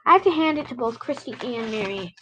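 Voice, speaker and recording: A woman's voice: a little high, expressive, brisk, a bit bright, slight background noise, poor audio. A woman reading a children's novel aloud, with slips and rereads as she goes. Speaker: reader.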